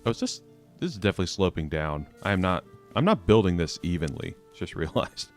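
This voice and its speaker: Young guy streaming a game, lowish voice that jumps all over, jokey and self-deprecating, soft music behind. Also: big pitch swings, brisk. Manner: chatty, self-mocking, laughs often. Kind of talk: live game stream commentary.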